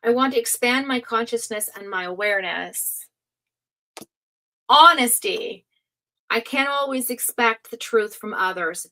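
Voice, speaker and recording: A woman's voice: a little high, animated, measured pace, bright, forceful tone, low-quality recording. A woman doing a casual live-stream tarot reading, chatty and gushing with lots of fillers. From United States. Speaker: tarot reader.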